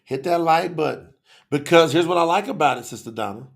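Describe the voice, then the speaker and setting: A man with a gravelly, slightly high voice hosts a live stream. He talks with fired-up passion and calls out individual viewers by name. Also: animated, brisk. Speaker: livestream host. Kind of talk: lively livestream talk to chat viewers.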